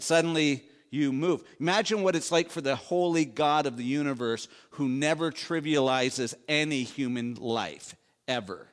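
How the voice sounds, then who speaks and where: A middle-aged man delivers a sermon in an easy, conversational way. His voice sits at an ordinary middle pitch. He keeps turning to his listeners with rhetorical questions and quick asides. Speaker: pastor.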